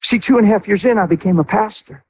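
A man's voice: high-pitched, fast, a little mellow, a little hiss or hum, low-quality recording. A middle-aged man preaching a sermon as a pastor, telling a personal story with emotion and speaking straight to his congregation.

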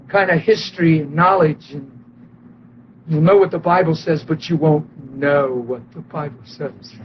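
A man preaching and telling a story, animated and excitable, acting out quotes and laughing often. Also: sits high, lo-fi sound, a little hiss or hum. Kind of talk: sermon storytelling.

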